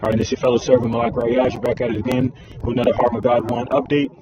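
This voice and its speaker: A man's voice: mid-range voice, flat delivery, quick pace, dull audio, very noisy. A man giving informal religious commentary, rambling and packing his talk with fillers like "all right" and "man". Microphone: phone screen recording.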